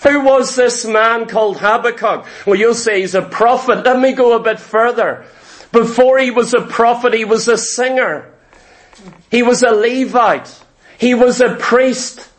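A man's voice: extremely high pitch, a little slow. A male pastor preaching a sermon, emphatic, with rhetorical questions and repeated phrases.

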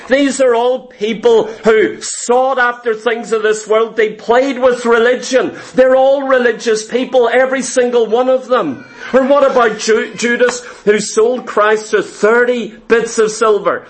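A man preaching a sermon, retelling Bible stories with emphasis and acting out the characters' lines. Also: very high-pitched. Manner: emphatic storytelling, acting out biblical dialogue.

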